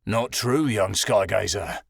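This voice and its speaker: A man voicing a raspy, menacing vampire-wolf beast. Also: lowish voice, slow pace, dry recording, clean studio sound, exaggerated voice. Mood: grave. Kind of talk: audiobook character voice.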